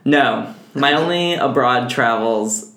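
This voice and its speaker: Male co-host, mid-pitch, agreeable chatter, echoey room. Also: slow, fairly bright tone. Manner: chatty, supportive interjections. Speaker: podcast co-host. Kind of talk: casual chat.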